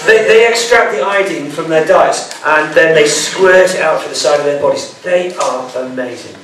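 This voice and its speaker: A man's voice: a little high, normal speed, a bit bright. A man presenting a live bug show to an audience, joking and playful like a showman. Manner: jokey, playful showman banter. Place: school hall with audience. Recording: echoey hall, mic far off.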